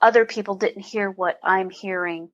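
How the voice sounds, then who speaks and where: A woman's voice: mid-range voice, steady tone, moderate pace, fairly bright tone, dull audio. A woman, a comedian guest on a podcast, talking in a rambling way with many restarts. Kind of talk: casual interview.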